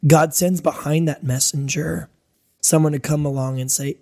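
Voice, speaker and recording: A man preaching a sermon, telling animated everyday stories and acting out voices to make his point. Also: a little high, moderate pace, creaky.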